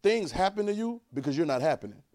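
A man preaching a sermon, urging the congregation to repeat lines after him and swinging between quiet, drawn-out talk and loud bursts. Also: fairly high pitch, sing-song, a crowd in the background.

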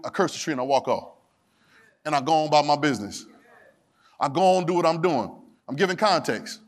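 A man preaching a sermon to a congregation, calling for responses and swinging between soft asides and shouted, sung phrases. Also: on the high side, fast talker. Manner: Southern Black church vernacular, drops verbs. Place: church sanctuary.

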